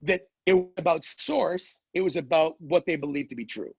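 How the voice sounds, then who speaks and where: A middle-aged man lectures a class in a relaxed, chatty way, slipping into stories and quick asides. His voice sits a little high and slightly husky. The sound is dry and a bit dull. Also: no echo. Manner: conversational, quick asides and playful quoted voices. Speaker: strengths coach teaching a class. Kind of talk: casual lecture with anecdotes.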